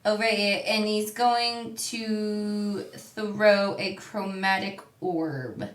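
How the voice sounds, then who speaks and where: A woman's voice: medium pitch, steady tone, very slow, reverberant. A woman playing a tabletop game, talking through her moves unhurriedly. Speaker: player. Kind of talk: casual tabletop play.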